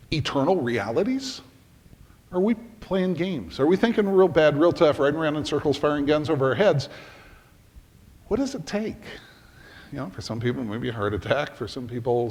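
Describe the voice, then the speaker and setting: A middle-aged man preaching a sermon as a pastor, telling a story in an animated way and acting out the scenes. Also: on the high side. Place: church sanctuary. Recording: reverberant church hall.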